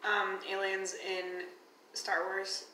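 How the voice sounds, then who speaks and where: A woman's voice: medium pitch, monotone, slow. Chatty woman player in a noisy echoey room. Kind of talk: casual chat at a game table. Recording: echoey room with loud noise.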